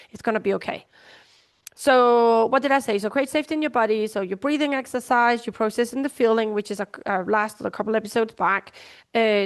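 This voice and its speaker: Chatty woman coaching, playful voices. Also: a little high. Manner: chatty, acts out little voices, swears casually. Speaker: life coach podcast host. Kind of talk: casual coaching monologue. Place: at home, sitting down.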